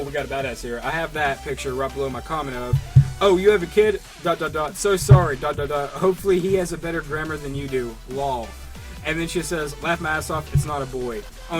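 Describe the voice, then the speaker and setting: A man's voice: on the high side, a bit bright. A young man co-hosting a podcast in casual chat, reading out online comments in a mocking way, with many fillers. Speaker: podcast co-host.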